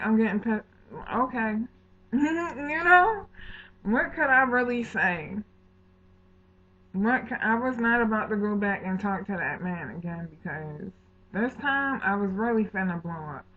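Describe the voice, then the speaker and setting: A woman's voice: mid-range voice, fairly bright tone. A woman telling a true story for her vlog in a heated, indignant way, full of slang, swearing and acted-out bits of the conversation. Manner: heated, indignant retelling with slangy asides and quoted dialogue. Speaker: vlogger. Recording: tinny phone-like audio.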